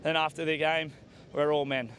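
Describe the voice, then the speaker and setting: Friendly captain, higher voice. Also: male voice, moderate pace. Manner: relaxed, friendly, says mate often. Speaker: team captain. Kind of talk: post-match interview. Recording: outdoors with faint rumble.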